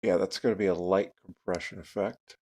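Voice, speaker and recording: A man's voice: low voice, fairly even intonation, fairly quick, warm tone. A man live streaming who talks casually and thinks aloud while adjusting his microphone settings. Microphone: desk microphone with noise gate and compressor.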